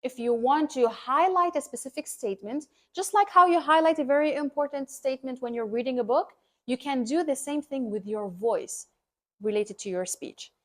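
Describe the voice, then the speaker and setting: A woman who coaches public speaking, talking to camera in an energetic, emphatic way and repeating her key points. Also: high-pitched, normal speed. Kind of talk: scripted educational talk to camera.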